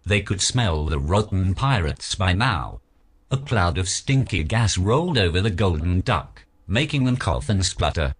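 Deep slow-reading male storyteller. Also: sing-song, husky. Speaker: storybook narrator. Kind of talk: children's story read-aloud.

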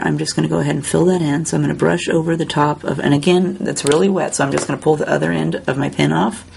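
A woman hosting a step-by-step coloring tutorial, talking in a relaxed, chatty way while she works. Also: low-pitched, creaky, a little hiss or hum. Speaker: crafting tutorial host.

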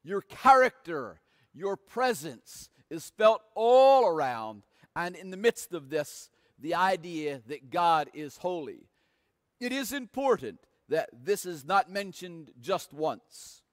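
A man's voice: high voice, lively intonation, slow pace, no echo, clean studio sound, big-room sound. A man preaching a sermon as pastor, reading scripture aloud with emphatic, dramatic stress. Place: church sanctuary.

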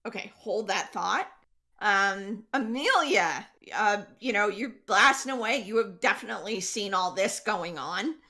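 A woman runs a tabletop role-playing game as its game master. Her voice is bright and forceful, and she speaks slowly. She often pauses on fillers as she sets each scene. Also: mid-range voice, expressive. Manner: unhurried, hesitant with many fillers.

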